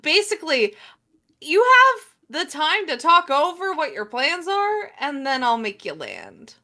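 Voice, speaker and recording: Woman game master, high bright voice, unhurried, calls for rolls casually. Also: huge pitch swings. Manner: casual, swears, asks for rolls. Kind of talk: running a tabletop game.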